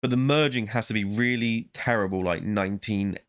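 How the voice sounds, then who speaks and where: A man's voice: lowish voice, moderate pace, clear, resonant tone. A man vlogging in a casual, rambling monologue, talking to himself and breaking off mid-thought. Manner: rambling, self-interrupting, muttering to himself.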